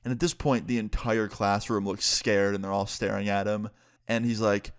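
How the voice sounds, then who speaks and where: A man's voice: mid-range voice, a little fast, no room sound, clean studio sound. A young man in casual storytime narration, laid-back and full of fillers, swearing now and then. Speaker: YouTuber.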